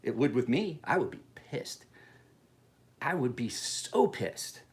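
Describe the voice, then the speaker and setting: A man's voice: mid-range voice, sing-song, takes it slowly. A man in his forties ranting casually in a home vlog, heated and full of profanity. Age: 40s. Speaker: knife sharpener vlogger.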